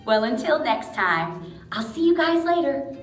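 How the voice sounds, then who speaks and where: A woman reading a picture book aloud to young children in a slow, animated storytelling voice, speaking to them directly. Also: sits high, faint music behind. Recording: echoey room.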